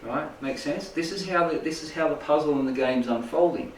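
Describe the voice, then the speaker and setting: A spiritual healing teacher speaks informally to a small live audience indoors, his voice fairly high and fairly quick. He rambles loosely and keeps checking in with "right?" and "make sense?", captured by a distant mic in an echoey room with slight background noise.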